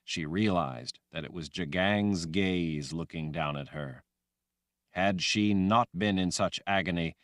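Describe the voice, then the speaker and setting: A man reading a fantasy audiobook aloud in a dramatic, expressive way. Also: sits low, dry recording, studio quality. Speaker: audiobook narrator. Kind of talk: scripted fantasy audiobook narration.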